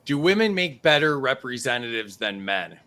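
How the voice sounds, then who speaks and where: A man's voice: mid-range voice, sing-song, normal speed, bright, forceful tone. A man hosting a casual live-streamed game show over a video call, laughing easily between questions.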